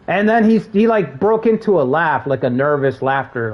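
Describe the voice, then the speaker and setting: A man's voice: on the high side, animated, unhurried, long pauses, lo-fi sound, soft background music. A man chatting casually while streaming a game, telling work stories, laughing and swearing freely. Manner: laid-back, swears freely, laughs at jokes. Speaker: gaming streamer. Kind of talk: casual gameplay commentary with storytelling.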